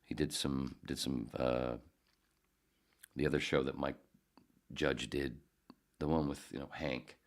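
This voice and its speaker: A man's voice: a bass voice, steady tone, unhurried, long pauses. A man in his fifties, a podcast host and former radio producer, tells rambling stories in a profane, digressive way, often correcting himself. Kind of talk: casual rambling storytelling.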